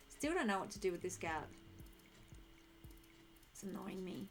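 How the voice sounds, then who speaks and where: A woman's voice: medium pitch, animated, measured pace, creaky, pauses often. A young woman streaming a game, chatting casually and thinking aloud while she answers her chat.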